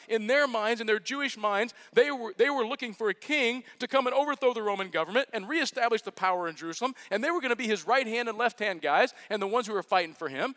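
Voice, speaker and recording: A man with a high voice preaches to his church in a casual, joking way. He slows right down to stress his key phrases. The sound carries a long echo from a large hall. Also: bright, forceful tone. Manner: casual, joking storytelling with slow emphatic phrases. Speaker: pastor. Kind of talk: sermon.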